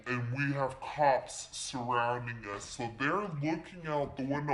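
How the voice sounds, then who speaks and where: A woman in her twenties telling a story to her vlog viewers in a casual, animated and emphatic way. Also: extremely low pitch, measured pace, few pauses, a little hiss or hum. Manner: animated, emphatic retelling with exclamations. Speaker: vlogger.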